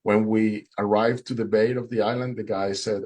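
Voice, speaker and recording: A man's voice: lowish voice, little pitch movement, normal speed, hardly any pauses, darkish tone, slightly rough. A man telling a personal faith testimony, recounting events with emotion and acting out the dialogue. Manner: emotional storytelling, acts out dialogue. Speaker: speaker giving testimony.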